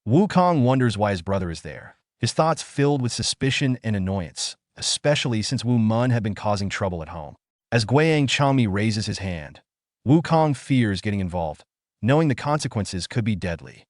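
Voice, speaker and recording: A man's voice: lowish voice, very animated, moderate pace, no room sound. Man narrating a comic recap, dry sound.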